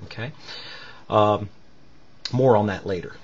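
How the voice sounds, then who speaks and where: Man, low voice, music teacher, patient explanations, lots of ums, dull lo-fi sound with instrument behind. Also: slow, husky. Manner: patient, explanatory, many fillers. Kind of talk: recorded music lesson with piano demonstrations.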